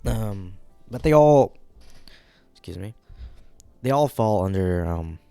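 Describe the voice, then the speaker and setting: A man's voice: fairly low pitch, expressive, takes it slowly, warm tone, clear, resonant tone, dry recording, faint music behind. A man giving casual, rambling commentary on a manga during a live reading, often checking in with the audience. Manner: rambling, keeps checking in with "right?".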